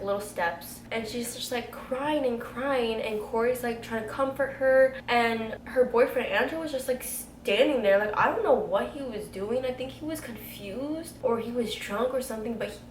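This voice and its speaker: A woman in her twenties chatting casually to camera, telling a storytime tale, animated and full of "like.". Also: on the high side, far from the mic. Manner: chatty, animated, heavy use of "like". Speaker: beauty vlogger telling a story. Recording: echoey room, faint background hiss.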